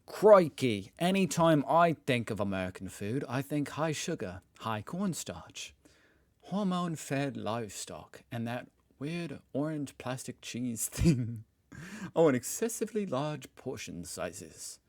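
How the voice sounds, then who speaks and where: A man's voice: medium pitch, sing-song, slow, no echo. A man putting on a drawling mock food critic. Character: mock drawling food-hating commenter, grown man, blunt.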